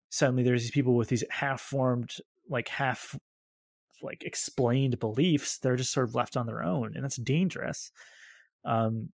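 A young American man co-hosting a podcast, telling animated stories about church culture with many restarts. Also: mid-range voice, creaky, no room sound. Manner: animated storyteller, frequent restarts. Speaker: podcast co-host.

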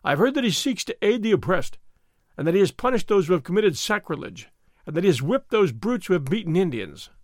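Brief: narrator doing a gruff old friar, deep-voiced and defiant, bright lively delivery, dry close sound. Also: male voice, fairly quick, no room sound. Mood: stern. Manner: firm, defiant, plain-spoken. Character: stern older male friar, blunt and proud. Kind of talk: audiobook character reading.

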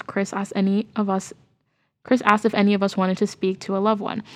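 A woman co-hosts a casual podcast and reads a listener's spooky story aloud. Her voice stays steady and narrow in pitch, and she is sincere and easily moved by the tale. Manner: earnest, gets emotional while reading. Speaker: podcast co-host.

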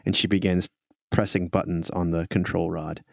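A man acting as game master, narrating a tabletop game in a casual, plain way. His voice is low and gravelly, recorded dry and close. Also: flat delivery, normal speed, no room sound.

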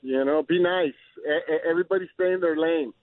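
A man's voice: a little high, brisk, no room sound. A man from Texas calling a radio show, earnest and stammering, repeating himself. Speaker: caller. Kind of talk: call-in radio chat. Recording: tinny phone line.

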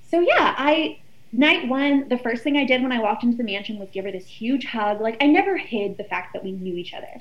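Here the same kind of speaker, a young woman from Texas on a reality show, recounts events casually and animatedly performs what her friends said. She talks briskly at a fairly high pitch, and the sound quality is lo-fi.

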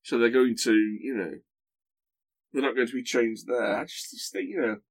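A man chats casually as a podcast guest. His voice sits at an ordinary middle pitch. He talks in an animated way, often breaking off and restarting his sentences. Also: moderate pace. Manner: animated, full of restarts and self-corrections. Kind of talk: casual chat.

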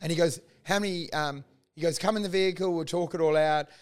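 A man spins a rowdy anecdote on a casual podcast. He talks in an animated way, laughs often and slips into the voices of the people in his story. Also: on the high side, fast talker, smooth. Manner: animated, laughing storyteller who acts out quotes.

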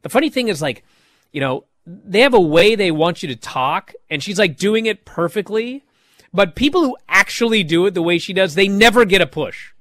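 A man's voice: high voice, moderate pace, dry recording. A man hosting a podcast, recapping wrestling in casual chat and mocking the people he describes with impressions. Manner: animated storytelling with mocking impressions.

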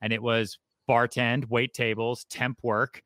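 A man's voice: medium pitch, measured pace, no echo. A man in his thirties, a guest in a casual interview, telling stories with lots of energy. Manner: energetic, animated storytelling. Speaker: guest, real estate broker.

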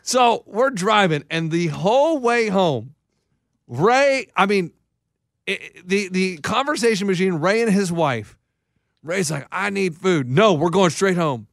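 A man's voice: high-pitched, measured pace, no room sound, clean studio sound. A man co-hosting a casual talk show, telling a funny story and acting out what people said. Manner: animated storyteller who acts out quotes. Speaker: podcast co-host.

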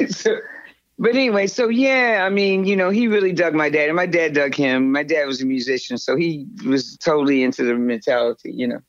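A woman guest telling stories in a casual interview, lively and acting out what others said. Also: sits low, normal speed, no room sound. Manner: animated storyteller, acts out others' lines. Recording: dull lo-fi recording.

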